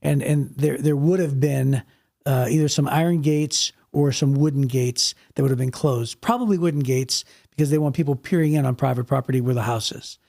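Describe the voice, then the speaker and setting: A man's voice: medium pitch, fairly quick, vocal fry, dark tone. A man co-hosting a podcast, talking through a Bible story in a vivid, casual way, often repeating words and restarting. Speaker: podcast co-host.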